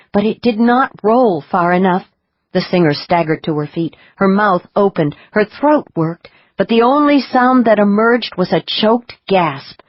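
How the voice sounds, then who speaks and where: A woman reading audiobook narration in a measured, expressive way. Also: medium pitch, no room sound, lo-fi sound.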